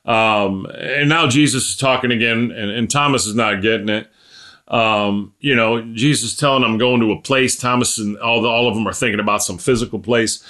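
A male preacher delivering a sermon teaching in an earnest, conversational way. He talks at a mid-range pitch and breaks off into quick asides and short prayers as he goes. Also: bright, forceful tone.

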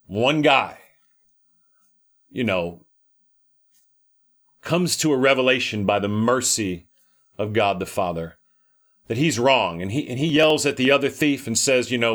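A man's voice: mid-range voice, animated, moderate pace, fairly bright tone. A man preaching an informal sermon in a conversational way, often repeating words and checking in with his listeners.

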